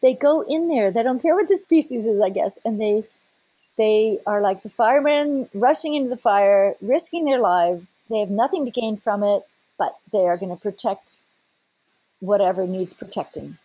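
An older woman, a scientist, animatedly recounting a personal story in an interview with a husky voice. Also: medium pitch, normal speed, no room sound. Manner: animated, breaks into laughter and restarts. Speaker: scientist guest.

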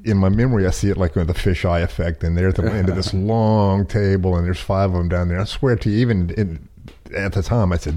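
On a podcast, a middle-aged guest spins a lengthy, rambling personal tale in casual storytelling style, folksy and self-deprecating with chuckles throughout. His low-pitched voice is dark and steady, and he talks briskly.

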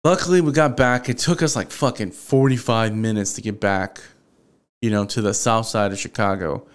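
Smooth-voiced man telling a story. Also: lowish voice, normal speed. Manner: profane, animated, acts out quoted dialogue. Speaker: podcast host. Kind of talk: casual solo storytelling.

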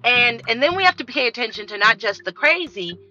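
This podcast host is a woman who tells animated stories in a blunt, profane monologue, speaking fairly quickly at a fairly high pitch. Her voice is sharp and very bright. The lo-fi recording sounds dull, with faint music underneath.

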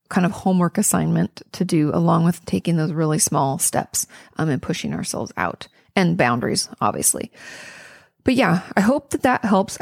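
A woman's voice: lowish voice, gravelly, darkish tone, no room sound, studio quality. A woman therapist answering listener questions in a casual, earnest, encouraging way, with frequent ums and restarts. She sounds tired. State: tired and yawning. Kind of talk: casual advice monologue.

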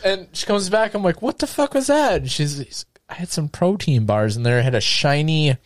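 A man with a slightly higher voice tells profane travel stories in a casual podcast chat. He acts out the people in them with lively impressions. The recording is close and dry, with no room sound. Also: normal speed, no room sound. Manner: profane, animated anecdote telling with impressions.

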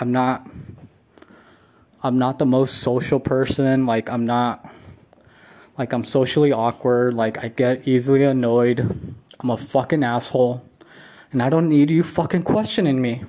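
At home, a vlogger with a mellow, mid-range voice tells a rambling solo story. He's casual and profane, repeating himself and leaning heavily on "like" as filler.

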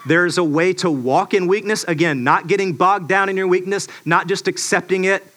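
A man preaching a sermon in a relaxed, storytelling way, full of fillers and restarts. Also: high voice, a little fast. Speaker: pastor.

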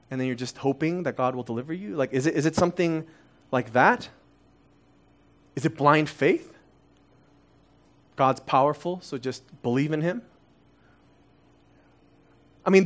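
A man in his thirties, originally from Korea, preaching a conversational sermon full of rhetorical questions. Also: on the high side. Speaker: pastor.

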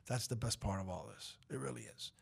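A man's voice: on the low side, a little fast, gravelly, breathy edge. A man who runs a college radio station, speaking casually on air in a rambling, upbeat way and laughing often. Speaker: station manager.

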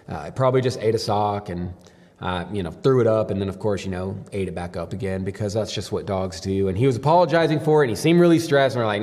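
A man's voice: on the low side, fast, a little mellow. A young man giving a devotional sermon as a pastor, talking casually and telling stories with many fillers. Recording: long hall reverb.

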